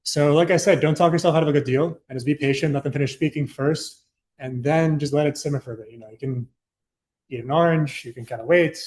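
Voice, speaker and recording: A man's voice: fairly high pitch, fast talker, darkish tone. A young man giving a casual, chatty presentation to a student club, loose and full of fillers and asides. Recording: echoey room.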